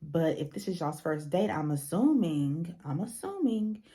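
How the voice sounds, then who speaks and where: A woman's voice: low voice, big pitch swings, measured pace, mellow. A young woman giving a casual, blunt and profane recap of a reality show, acting out the people she quotes.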